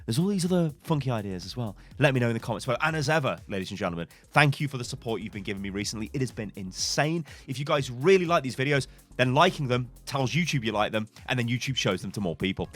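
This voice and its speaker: A man, hosting and commenting on gameplay as a coach, in an animated, theatrical way. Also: mid-range voice. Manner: animated, theatrical, quick to exclaim. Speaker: game coach and channel host.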